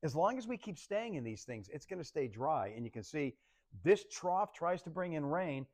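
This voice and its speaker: Lively, playful male TV weatherman. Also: fairly high pitch, normal speed. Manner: playful, animated, laughs often. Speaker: TV meteorologist. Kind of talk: casual forecast banter.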